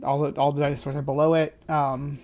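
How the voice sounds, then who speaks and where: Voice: medium pitch, flat delivery, fast talker, darkish tone. Rambling livestream host commenting. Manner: rambling, corrects and qualifies points. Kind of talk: casual commentary reacting to a video.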